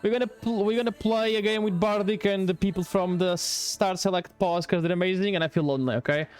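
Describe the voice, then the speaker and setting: A man streaming live, chatting casually with his viewers in an excitable, rambling, playful way and swearing freely. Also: high-pitched, brisk, smooth, soft background music.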